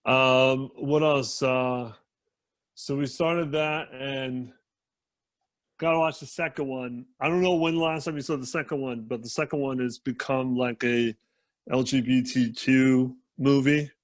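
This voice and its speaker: A man co-hosting a casual gaming podcast, telling stories in a halting way full of fillers. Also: mid-range voice, fairly even intonation, dry recording. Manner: halting, filler-heavy storytelling. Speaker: podcast co-host.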